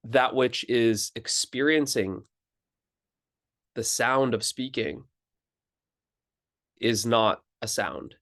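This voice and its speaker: In a lowish voice, a spiritual teacher gives a calm, contemplative talk at an unhurried pace. He pauses and starts phrases over as he explains.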